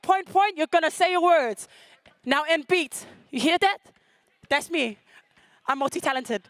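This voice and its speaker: A woman's voice: very high voice, dry recording. A woman from the Cook Islands, hosting a school festival stage and leading the crowd in playful call-and-response chants. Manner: lively, playful, commanding a crowd.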